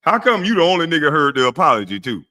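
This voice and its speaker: A man's voice: on the high side, very animated, quick pace, pushed and bright. Profane man ranting on a live stream. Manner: profane, mocking, blunt.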